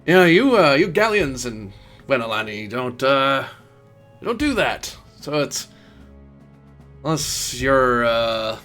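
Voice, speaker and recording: A man's voice: medium pitch, sing-song, takes it slowly, long pauses, a bit bright, faint music behind. A man voicing a jolly, chatty foreign hunter with a put-on accent who ends his remarks with questioning tags. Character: jolly middle-aged foreign male hunter.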